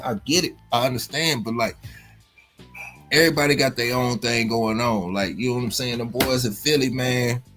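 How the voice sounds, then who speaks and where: A man's voice: mid-range voice, bright, forceful tone. A man hosting a casual livestream chat, rambling with many restarts and filler phrases. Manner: rambling, many restarts and "you know what I'm saying". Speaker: livestream host.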